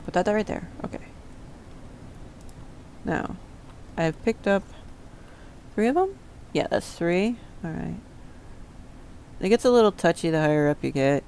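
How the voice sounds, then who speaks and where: Slow, gravelly woman streaming a game. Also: on the low side, very animated, darkish tone, a little hiss or hum. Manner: chatty, self-talking, swears under her breath. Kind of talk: casual gameplay commentary.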